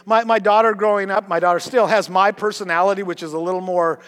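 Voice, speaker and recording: A middle-aged male pastor preaching a sermon, animated, often repeating and restarting his words and dropping to a hush for emphasis. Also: sits high, quick pace. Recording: long hall reverb.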